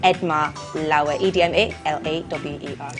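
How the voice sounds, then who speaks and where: A woman's voice: low voice, steady tone, moderate pace, music in the background. A woman co-hosting a morning show, chatty and effusive with praise for her guest. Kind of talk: lively morning show chat.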